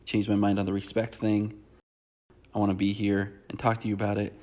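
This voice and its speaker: A man's voice: on the low side, monotone, brisk, darkish tone, close to an everyday voice. A man mocking a clueless stubborn bachelor contestant. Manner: sarcastic, mocking. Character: stubborn, clueless young male dating-show contestant.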